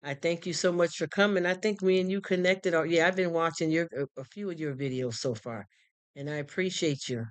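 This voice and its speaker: Smooth-voiced streamer chatting heartfelt. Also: medium pitch, brisk, no echo. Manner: warm, rambling, heartfelt talk with repeated restarts; greets chat viewers by name and thanks them. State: choked up, near tears. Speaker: live streamer. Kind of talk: casual live stream chat.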